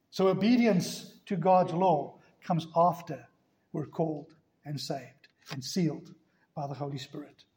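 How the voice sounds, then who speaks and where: A man's voice: fairly high pitch, a little mellow, echoey room, rough recording. A man preaching a sermon with emphasis, firing off rhetorical questions at the congregation. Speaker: pastor.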